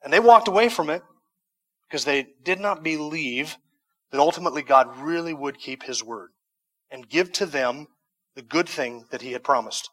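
A man's voice: fairly high pitch, normal speed, bright, forceful tone, in a large hall. A man preaching a sermon, reading scripture verses and then explaining them in conversational asides with some humor. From United States. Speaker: pastor.

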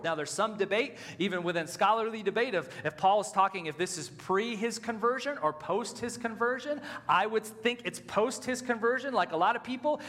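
A man preaching a sermon as a pastor, animated and swinging between loud emphasis and quiet, low passages. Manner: animated, rising and dropping with emphasis, voicing inner thoughts. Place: church sanctuary. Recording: hall reverb.

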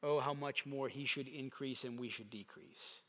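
A man's voice: medium pitch, moderate pace. A man preaching a sermon as pastor, reading scripture aloud with emphatic delivery. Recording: long hall reverb.

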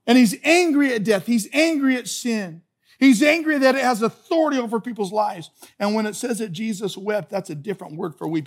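A man's voice: extremely high pitch, moderate pace. A man preaching a sermon as pastor, earnest and emphatic, often repeating his phrases for stress. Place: church sanctuary.

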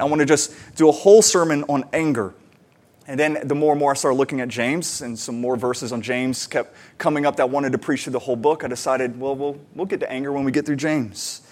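High-voiced pastor preaching casually. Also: male voice. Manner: conversational preaching with fillers and animated retellings. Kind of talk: sermon.

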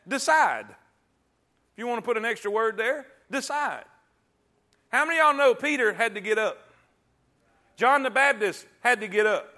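A middle-aged man preaching a sermon in a folksy call-and-response way, with loud bursts when he quotes God. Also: extremely high pitch. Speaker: pastor. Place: church sanctuary.

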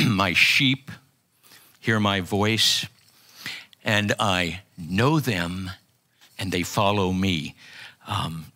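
Older man, sermon testimony, bright gravelly tone, earnest, halting delivery. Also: lowish voice. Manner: earnest, halting, with frequent restarts. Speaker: pastor.

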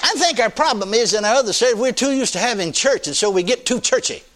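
Lively folksy preacher, older man. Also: very high-pitched, quick pace, some chatter behind, slight background noise. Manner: folksy, animated, laughing often with the congregation. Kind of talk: sermon.

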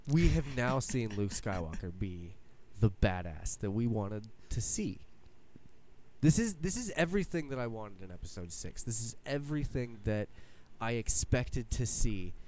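A man in casual podcast chat, talking excitedly, swearing and acting out his own reactions. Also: mid-range voice, normal speed, slight background noise.

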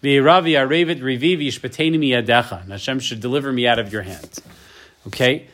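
A man in his thirties leads a casual Torah class, speaking fairly quickly in a medium-pitched, slightly bright voice. He reads each verse in Hebrew, translates it, and chattily tags his lines with "right?".

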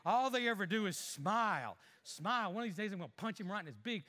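In a comic skit inside a sermon, a preacher plays a petty, sulky married man at church who grumbles complaints under his breath, then switches to fake cheer for others. The male voice is high, sharp and bright, animated and fast. It rings through a long, echoing hall.

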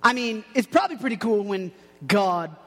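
A man's voice: high voice, very animated, moderate pace, a bit bright. A man preaching a casual, playful sermon to young people, telling stories and acting out what people say. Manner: playful, storytelling, acts out quotes. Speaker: youth pastor. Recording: long hall reverb.

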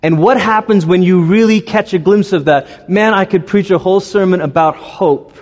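A man preaching a sermon in a big hall whose sound rings on in a long reverb. His voice sits a little high, and he tells stories with lively energy, acting out characters and even the animals' noises. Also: normal speed. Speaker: pastor.

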